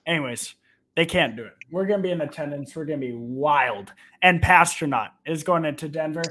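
A man's voice: a little high, a little fast, pushed and bright. A man co-hosting a podcast, chatting casually and playfully about football bets and teasing his friend. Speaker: podcast co-host. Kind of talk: casual sports betting chat.

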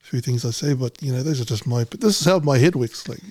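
Blunt, swearing man, husky and mellow. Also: medium pitch, fast, dry recording. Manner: blunt, swears freely, acts out dialogue. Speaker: podcast guest, businessman. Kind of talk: casual conversation.

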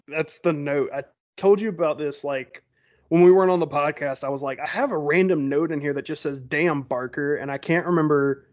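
Man, podcast co-host, higher voice, laughs a lot, muffled lo-fi audio. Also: a little fast. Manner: laughs often, reads from his notes. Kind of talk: casual film recap chat. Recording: dull lo-fi sound.

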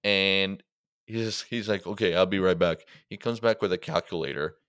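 A young man speaks in a lowish, smooth, resonant voice. He tells a rambling story in casual podcast chat, leaning on fillers, and the sound is dry and close to the mic. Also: normal speed, a bit bright, no echo. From Canada. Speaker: guest comedian.

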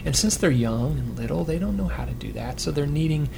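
A man's voice: fairly high pitch, animated, fairly quick, vocal fry, background noise. A man telling a parenting story, acting out quotes and often laughing, in a casual conversation. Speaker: parent sharing advice. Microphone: close to the microphone.

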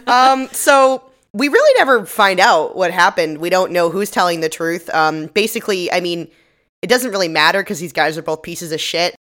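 Low-voiced woman recapping with laughs. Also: animated, moderate pace, a bit bright. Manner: laughs often, acts out quotes. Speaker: podcast co-host. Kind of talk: casual recap chat.

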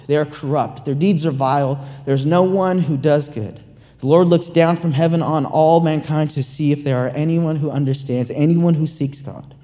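A man's voice: a little high, mellow. A man preaching a sermon in a conversational, storytelling way, often repeating words as he restarts a thought. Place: church sanctuary. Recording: long reverb of a large church hall.

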